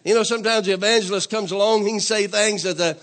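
A man's voice: high voice, steady tone, fast talker. A man preaching a sermon in a church, calling on the congregation to say amen and building to emphatic, repeated declarations. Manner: call-and-response preaching, asks congregation to say amen; repetitive, emphatic, rising to louder declarations.

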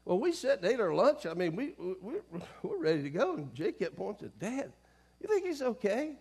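A middle-aged man delivering a sermon in a church, his voice sitting a touch higher than most men's. He tells stories in a low, confiding tone, then climbs and pushes hard on his main points. He calls out to the congregation for responses. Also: very animated, brisk, creaky, slightly rough. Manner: call-and-response preaching, swings from soft storytelling to loud emphasis. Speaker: pastor. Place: church sanctuary.

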